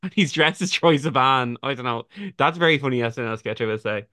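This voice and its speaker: A man's voice: mid-range voice, quick pace, sharp tone, dry recording, studio quality. A young man co-hosting a podcast in casual chat, giggly and rambling, often restarting mid-thought. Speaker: podcast co-host.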